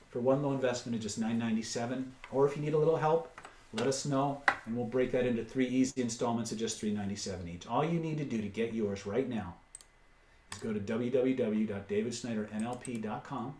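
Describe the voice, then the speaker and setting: A man hosting a live webinar, pitching course packages, reading out prices and answering chat questions with blunt asides. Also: fast, mellow, reverberant, slight background noise. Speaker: webinar host and seller.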